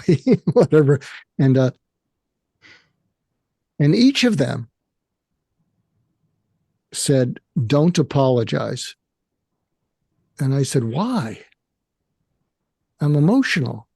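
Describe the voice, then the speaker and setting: Older American man, soft reflective tone. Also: mid-range voice, no echo, clean studio sound. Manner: reflective, halting, candid. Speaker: guest, psychiatrist. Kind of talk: emotional personal conversation.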